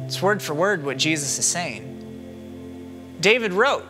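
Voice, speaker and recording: A man preaching a sermon as a minister, moving from hushed reflection to loud, pleading questions. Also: high-pitched, lively intonation, unhurried, pauses often, faint music behind.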